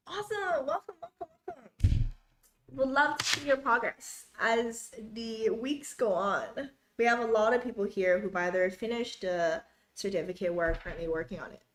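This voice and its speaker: Young woman, study-stream host, upbeat casual chat, reads comments, greets viewers, fairly high voice. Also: fairly bright tone.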